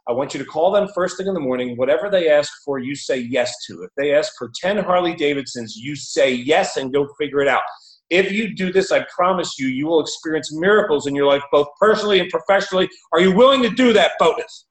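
A man impersonating an enthusiastic, booming coach who shouts insistent orders, recorded with a roomy echo. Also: lively intonation, fast, lightly acted. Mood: amped up. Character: fired-up, shouting middle-aged male coach.

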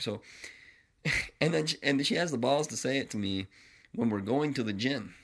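A man's voice: medium pitch, a little fast, vocal fry, pushed and bright. A man hosting a podcast, talking in a blunt, profane, rambling monologue. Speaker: podcast host. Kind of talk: casual ranting monologue.

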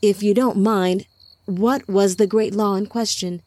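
A woman's voice: mid-range voice, steady tone, a little slow, warm tone, dry recording, natural voice. Woman doing a nervous young spirit soldier. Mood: hesitant. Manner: hesitant and pleading. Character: young male spirit lieutenant, nervous and earnest.

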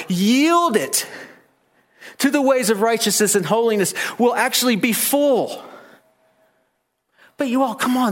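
A man preaching a sermon, earnest and emphatic, asking the congregation many questions. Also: very high voice. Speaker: pastor.

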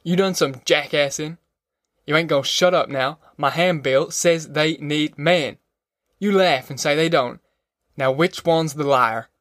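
A man voicing a proud, stubborn farmer father in an audiobook, dignified and quick to anger, with a drawl. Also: a little high, fairly bright tone, no echo, studio quality, lightly acted. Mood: angry. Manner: dignified, stubborn, flaring angry.

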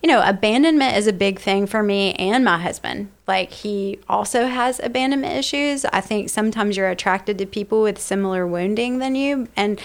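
A woman in her thirties co-hosting a podcast, talking reflectively and laughing often. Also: medium pitch. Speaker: podcast co-host. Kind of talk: casual chat.

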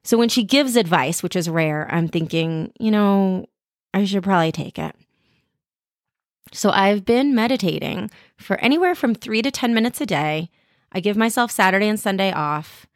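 A woman's voice: mid-range voice, expressive, normal speed, no echo, clean studio sound. A woman in her thirties hosting a podcast, telling candid personal stories in a frank, self-deprecating way and swearing freely. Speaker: podcast host. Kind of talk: candid personal storytelling monologue.

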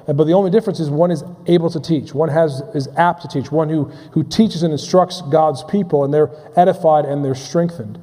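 The long reverb of a large hall surrounds a man preaching as pastor with a mellow voice on the high side. His delivery halts and restarts, he repeats words, and he puts questions to his listeners.

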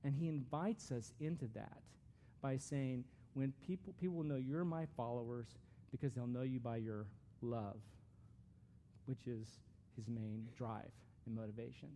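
A man's voice: mid-range voice, measured pace, mellow, slight background noise. A man giving a conversational, earnest sermon as a pastor, with frequent restarts.

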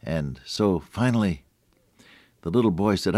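An older man giving a folksy devotional radio sermon, talking straight to the listener and swinging between hushed lows and emphatic high points. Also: expressive, moderate pace, no room sound, studio quality. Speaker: radio preacher.

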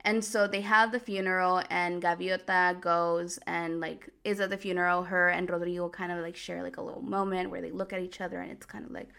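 Woman with a creaky fry voice, chatty podcast host going over a soap plot, says like a lot. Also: on the low side, flat delivery, a little fast, few pauses, fairly bright tone. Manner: chatty, heavy use of "like", amused asides. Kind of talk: casual recap of a telenovela plot.

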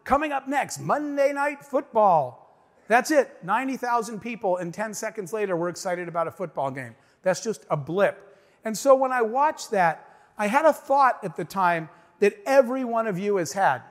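High-voiced man speaking in a reverberant hall. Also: lively intonation, moderate pace. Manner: emphatic storytelling, addresses the audience directly. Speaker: motivational speaker. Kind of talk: inspirational stage talk.

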